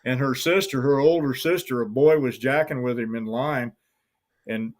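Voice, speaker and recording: A man's voice: mid-range voice, normal speed. A middle-aged man who guides hunts with hounds, telling a long story in an interview in a folksy, rambling way and acting out the voices of the people in it.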